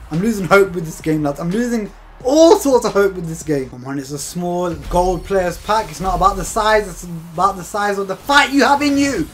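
Ripping open game packs, a young man hosting a gaming video chats casually, exasperated yet laughing at his bad luck. His voice is high, and the recording carries a little hiss or hum.

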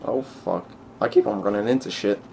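A man's voice: on the low side, huge pitch swings, moderate pace, creaky, darkish tone, a little hiss or hum. A young man giving gameplay commentary, muttering to himself and swearing at the game. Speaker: gaming YouTuber.

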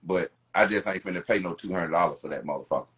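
A man's voice: sits low, quick pace, heavy background noise. A man on a podcast video call, talking in a laid-back, blunt way with slang and cursing. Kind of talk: casual chat.

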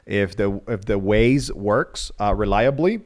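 A man's voice: fairly low pitch, slow pace, darkish tone. A man from Nicaragua hosting a live-stream phone review, talking casually with many fillers and restarts. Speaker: livestream host reviewing a phone.

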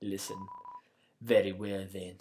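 A man reading game dialogue aloud as a gentle, solemn young prince of darkness, putting on a bad French accent. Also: medium pitch, expressive, measured pace, lightly acted. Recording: game music playing clearly behind.

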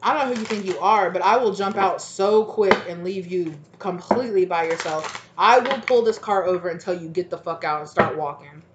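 A woman doing a casual tarot reading, animated and profane, with frequent laughter and quoted asides. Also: medium pitch, brisk, few pauses, dull audio, background noise. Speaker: tarot reader.

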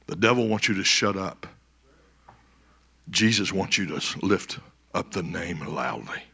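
A man preaching a conference sermon as pastor, swinging between shouted peaks and hushed, quiet passages. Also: low voice, lively intonation, measured pace, gravelly, slightly rough. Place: church conference stage.

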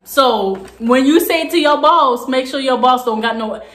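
Lively young woman in an echoey room. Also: high-pitched, measured pace, slight background noise. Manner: animated, laughing, swings between quiet asides and loud outbursts. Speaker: vlogger. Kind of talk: casual storytelling to camera.

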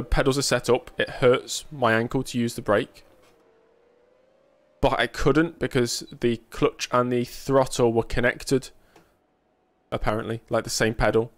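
Chatty man streaming a race game. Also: mid-range voice. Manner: chatty, answering viewers casually; dry self-mocking humor. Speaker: sim racing streamer. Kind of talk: live gameplay commentary.

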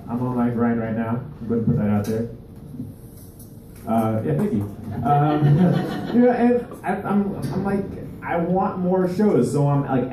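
Slow, mellow-voiced man doing stand-up. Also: medium pitch, slight background noise. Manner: rambling, halting delivery with many restarts. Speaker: stand-up comedian. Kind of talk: stand-up comedy set. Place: live comedy venue with audience. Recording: echoey room, voice far from mic.

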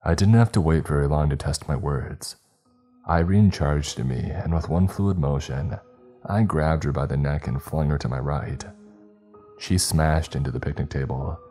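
A man narrating a horror story in a grim, even, scripted manner. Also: a bass voice, moderate pace, husky. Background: faint background music.

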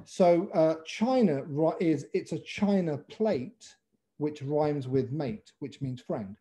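A man with an English accent, a pitch coach teaching a webinar over a video call in a playful way, calling on participants by name. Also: takes it slowly, dark tone. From England.

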